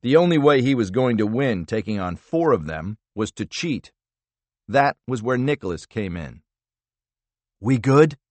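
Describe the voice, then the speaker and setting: Expressive male audiobook narrator. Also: on the low side, moderate pace, dry recording.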